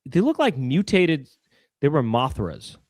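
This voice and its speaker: A man's voice: medium pitch, very animated, measured pace, darkish tone, no echo, clean studio sound. A man co-hosting a casual comedy chat show, playful and prone to silly improvised singing. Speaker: podcast co-host.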